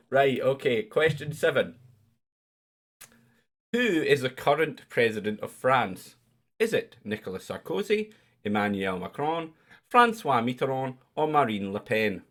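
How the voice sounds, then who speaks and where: A man's voice: mid-range voice, fairly bright tone. A Scottish man casually hosting a live-stream quiz, chatty and jokey as he reads out questions. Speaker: quiz host.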